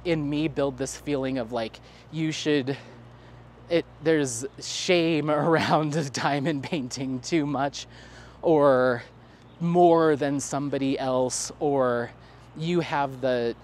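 A man's voice: mid-range voice, a little hiss or hum. A man vlogging casually outdoors on a neighborhood dog walk, rambling and laughing at himself as he answers viewer comments. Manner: rambling, self-deprecating, laughs often. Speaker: crafting vlogger. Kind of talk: casual chat to camera.

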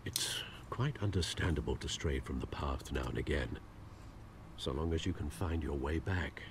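An actor playing an elderly male butler in a video game, speaking in a measured, gentle, lecturing way. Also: rumbling low, background noise. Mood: concerned.

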